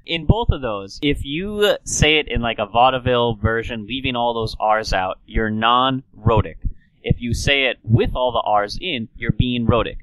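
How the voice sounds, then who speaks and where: A man's voice: medium pitch, moderate pace, fairly bright tone, no room sound, low-quality recording. A man hosting a casual talk show, explaining things in a playful, lecturing way. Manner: lecturing, playful, slips into old-timey announcer voice. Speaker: podcast host.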